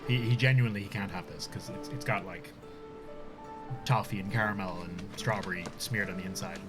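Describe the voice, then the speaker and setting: A man's voice: sits low, a little fast, loud music behind the voice. A man chatting casually on a live stream, talking with his mouth full and laughing often.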